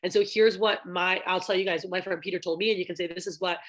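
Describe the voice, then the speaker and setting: A young woman who trains managers for a sales division talks in a casual, chatty way, with lots of ums, and acts out the conversations she describes. Her voice is on the low side, steady in tone, and she speaks quickly.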